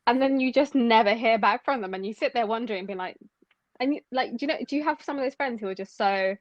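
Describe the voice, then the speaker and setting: A young woman, co-hosting a podcast in casual, animated chat with halting restarts. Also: on the high side, no echo. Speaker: podcast co-host. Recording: dull dry lo-fi sound.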